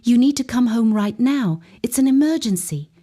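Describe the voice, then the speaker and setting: A woman's voice: fairly high pitch, big pitch swings, measured pace, warm tone, husky, voice pushed up, exaggerated voice. A woman voicing a scheming sister-in-law in false panic. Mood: feigned panic. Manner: frantic, pleading, put-on.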